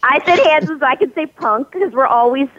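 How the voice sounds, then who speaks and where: A woman's voice: high voice, brisk, dry recording. A woman from Philadelphia, a guest actress, talking effusively and animatedly in a casual interview. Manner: effusive, warm praise, animated. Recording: dull dry phone-line sound.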